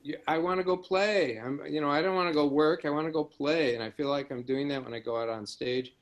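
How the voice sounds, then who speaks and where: A man's voice: on the high side, fairly quick, lo-fi sound. A man, a fellow musician on a panel, giving frank and casual answers that ramble a little. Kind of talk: relaxed Q&A answer.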